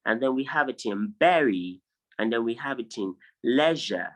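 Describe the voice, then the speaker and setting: A man teaching an online phonology lesson on a video call, drilling each word slowly and insistently correcting pronunciation. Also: medium pitch, animated, low-quality recording. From Nigeria. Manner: drills words, repeating them slowly for students. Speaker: English tutor.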